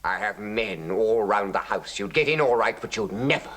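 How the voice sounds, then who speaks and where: A pompous army captain. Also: male voice, lowish voice, animated, normal speed, a bit bright. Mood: smug. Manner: pompous and fussy. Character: pompous, self-satisfied male army captain.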